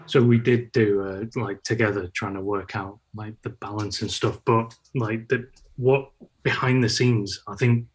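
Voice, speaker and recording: A man, a guest on a podcast, explaining his work in a halting way with many fillers. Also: on the low side, steady tone, slightly rough, poor audio. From United Kingdom. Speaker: podcast guest, brand manager. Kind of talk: casual podcast conversation.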